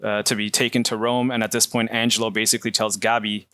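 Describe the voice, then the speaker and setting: A man's voice: lowish voice, little pitch movement, fast talker, sharp tone, no echo. A man casually retelling a film's plot on a podcast, full of ums and acted-out quotes. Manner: retells scenes at length with many ums and quoted lines. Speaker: podcast host recapping a film. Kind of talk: casual film discussion.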